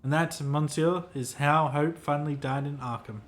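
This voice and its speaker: A man's voice: fairly high pitch, animated, normal speed, natural voice. A man putting on a pompous hotel clerk. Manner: formal, fussy, theatrical. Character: pompous, self-important male hotel clerk. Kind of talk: reading game dialogue aloud.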